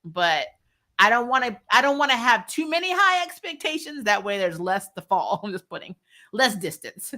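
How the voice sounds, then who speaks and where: Woman host, bright and forceful tone, chatty live-stream banter with viewers, laughs a lot. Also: on the high side, big pitch swings. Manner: chatty, laughs often, quick asides. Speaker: YouTube host discussing a TV series. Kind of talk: casual live-stream chat, reading viewer comments.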